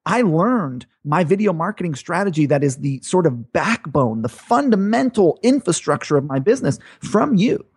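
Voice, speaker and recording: Male podcast host, higher voice, husky, casual chatty talk. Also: big pitch swings, moderate pace, hardly any pauses, a little mellow.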